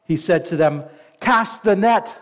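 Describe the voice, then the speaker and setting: A man preaching a sermon. He reads scripture aloud, slows down for the quoted lines, and stops now and then to comment. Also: high voice. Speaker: pastor.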